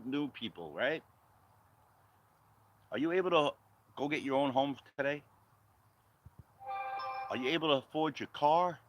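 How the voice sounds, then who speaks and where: Man vlogger, bright and forceful, ranting commentary, mid-range pitch. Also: rough recording. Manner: blunt, confrontational, repetitive rhetorical questions.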